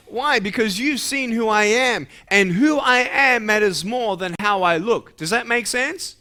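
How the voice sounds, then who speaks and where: Speaking to schoolchildren, a young man delivers an animated, playful motivational talk, asking them questions and leading call-and-response chants. His voice is high-pitched and bright, pushed a little, and he speaks a bit slowly.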